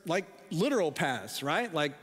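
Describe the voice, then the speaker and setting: A man in his forties preaching a sermon, telling a story in a self-deprecating, animated way with halting restarts. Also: on the high side. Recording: long reverb in a large hall.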